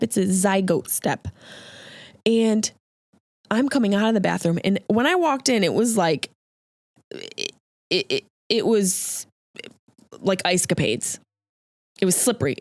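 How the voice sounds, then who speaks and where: A woman telling a funny story on her podcast, lively and jokey, with a mid-pitched voice. The recording is close and dry, with no room sound. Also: no echo. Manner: animated, jokey, acts out quoted voices. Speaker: podcast host. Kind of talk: comedic storytelling monologue.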